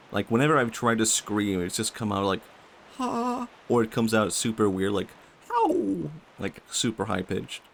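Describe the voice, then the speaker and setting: Young swedish guy streaming, gravelly fry, talks soft n rambly to chat. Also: on the low side, slight background noise. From Sweden. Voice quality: vocal fry. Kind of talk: casual game-stream chat.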